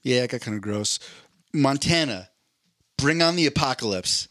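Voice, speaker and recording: Animated man telling stories on a podcast. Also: medium pitch, normal speed, no echo, studio quality. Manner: animated storyteller, swears, mimics others. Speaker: podcast co-host. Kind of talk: casual chat.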